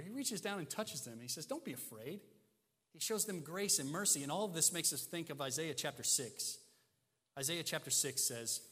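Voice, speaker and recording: A man preaching a sermon as pastor, emphatic, asking rhetorical questions and swinging between loud stresses and quiet asides. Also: on the high side, long reverb tail.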